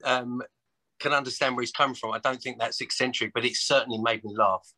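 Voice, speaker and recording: Male co-host, bright forceful tone, laughing storyteller. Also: medium pitch, steady tone, fast, poor audio. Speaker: podcast co-host. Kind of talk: casual chat.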